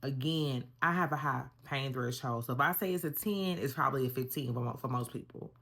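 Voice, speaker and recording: A young woman vlogger telling a personal story in a casual, animated way, talking straight to her viewers. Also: a bass voice, brisk. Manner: animated, conversational, addresses viewers as y'all.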